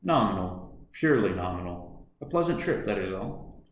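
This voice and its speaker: A man voicing a smooth, scheming middle-aged businessman in a storybook reading, coaxing in manner. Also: fairly low pitch, sing-song, normal speed. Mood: smooth persuasive. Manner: suave, coaxing, then menacing. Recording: echoey room.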